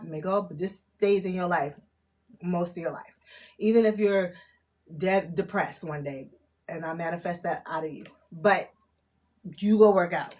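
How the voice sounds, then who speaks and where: A woman giving a live-streamed spiritual reading, excitable and casual, swearing, laughing at herself and often checking in with "okay?". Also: fairly low pitch. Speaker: spiritual tarot reader. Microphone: phone or camera mic on a live stream.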